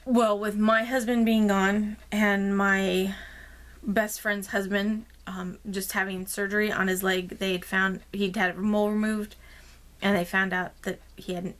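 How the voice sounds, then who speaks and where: Woman vlogger just chatting, lots of ums, rambly and expressive, normal pitch. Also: unhurried. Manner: chatty storytelling with many fillers. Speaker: craft vlogger. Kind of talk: casual chat.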